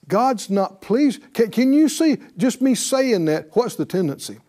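A male pastor preaching a sermon, animated and calling on the congregation to answer back, often laughing. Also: high-pitched, moderate pace, hardly any pauses.

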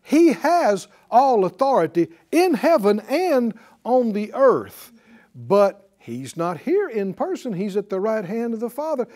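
Animated high-voiced male preacher. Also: a little slow. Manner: animated preaching with rhetorical questions to the congregation. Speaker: pastor. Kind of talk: sermon.

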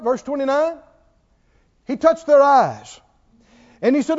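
A man's voice: very high-pitched, unhurried, pauses often. A man preaching a sermon, emphatic, firing rhetorical questions at his listeners and drawing out key words for emphasis. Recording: reverberant, dull lo-fi church recording.

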